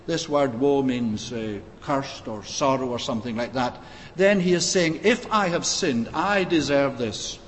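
A man preaching an expository sermon, measured and pausing often with "uh", reading scripture in old-fashioned wording. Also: on the high side, expressive. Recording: long reverb, faint background noise.

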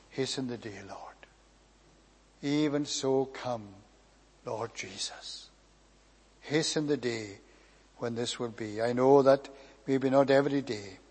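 Man preaching in a reverberant hall. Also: medium pitch. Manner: measured, emphatic preaching with drawn-out phrases and quiet trailing endings. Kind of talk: sermon.

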